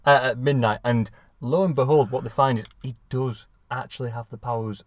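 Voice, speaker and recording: A man's voice: mid-range voice, fairly quick, no echo. A man co-hosting a podcast, telling a comic story with lots of laughter. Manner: animated, laughs often while talking. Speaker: podcast co-host pitching a film idea.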